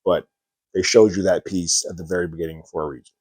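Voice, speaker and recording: A man's voice: low-pitched, steady tone, quick pace, a little mellow, husky, dry recording. A man reviewing a TV episode in a casual, rambling recap full of "sort of" and "like". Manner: rambling, many "sort of" and "like" fillers.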